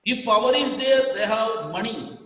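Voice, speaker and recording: Indian male teacher, high voice, emphatic and repetitive, booming hall reverb. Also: animated, moderate pace, a bit bright. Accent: Indian English. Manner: repetitive, emphatic, dictating to students. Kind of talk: classroom lecture.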